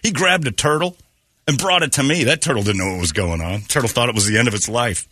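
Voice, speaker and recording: Lively, bright-voiced male radio host. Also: medium pitch, fast talker, dry recording, clean studio sound. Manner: loud, jokey storytelling with shouted impressions. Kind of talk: morning radio banter. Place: radio studio.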